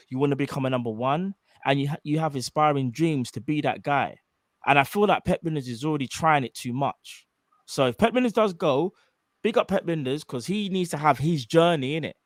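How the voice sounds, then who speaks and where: A man co-hosting a live fan show, talking in a joking, emphatic, animated way. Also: fairly high pitch, no room sound, clean studio sound. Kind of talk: casual live-stream chat. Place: home studio.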